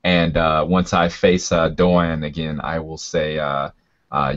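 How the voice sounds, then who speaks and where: A man with a very deep voice plays a tabletop role-playing game, talking haltingly with many fillers. The recording is muffled and lo-fi. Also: little pitch movement. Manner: halting, full of fillers, laughing often. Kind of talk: casual tabletop role-play. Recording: dull lo-fi recording.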